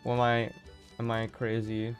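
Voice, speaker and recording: A man's voice: medium pitch, completely flat delivery, moderate pace, soft background music. Chatty, jokey male game streamer. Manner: chatty, jokey, thinks aloud. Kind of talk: casual live-stream game commentary.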